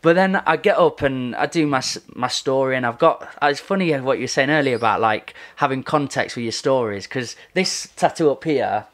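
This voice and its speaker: A man hosts a casual podcast chat. He tells his own stories expressively at a middling pitch and laughs often as he goes. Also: normal speed, hardly any pauses, a bit bright. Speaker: podcast host.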